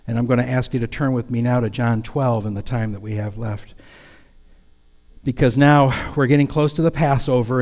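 Pastor guy giving a sermon, mellow tone, church hall echo, earnest chatty preaching. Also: mid-range voice. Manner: earnest, conversational preaching with sudden raised calls. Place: church sanctuary. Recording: long hall reverb.

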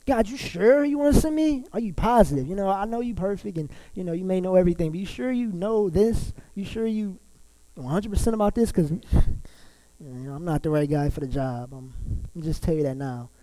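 Moses as a nervous, doubting man who begs to be let off the job, as a preacher acts him out. The voice is high for a man and mellow in tone. Each question comes out hesitant and pleading. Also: animated, fairly quick, no room sound, low-quality recording.

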